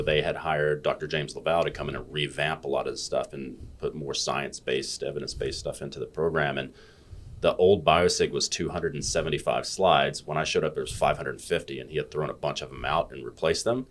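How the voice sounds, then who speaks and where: A man's voice: rumbling low, fairly even intonation, fairly quick. An American man telling stories as a guest in a casual podcast chat, blunt and freely swearing. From United States. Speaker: guest, fitness educator.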